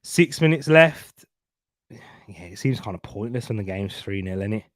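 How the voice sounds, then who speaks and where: Expressive and lowish, the young man's voice moves at a normal speed as he hosts a live football watchalong. He chats, banters and laughs often through his casual commentary. The recording has no echo and studio quality.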